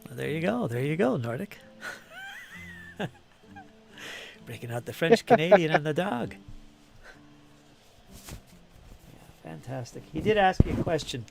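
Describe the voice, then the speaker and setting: Middle-aged host, gravelly, animated, jokey stream chatter. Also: male voice, fairly high pitch, measured pace, pauses often. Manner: jokey, laughs often. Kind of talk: casual live-stream chat. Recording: background music on a live stream.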